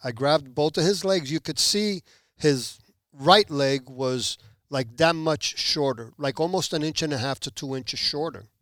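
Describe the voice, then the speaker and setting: Guest from Puerto Rico, a man with a fairly high voice, tells stories animatedly. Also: measured pace, dry recording, studio quality. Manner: animated, acts out quoted people. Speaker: podcast guest. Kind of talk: testimony storytelling.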